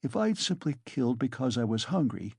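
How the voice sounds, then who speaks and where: Brief: tormented bitter young student, gravelly pleading voice read by a man. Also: mid-range voice, big pitch swings, brisk, a little mellow, no echo, clean studio sound, heavily acted. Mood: despairing. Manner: anguished pleading. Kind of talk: audiobook character reading.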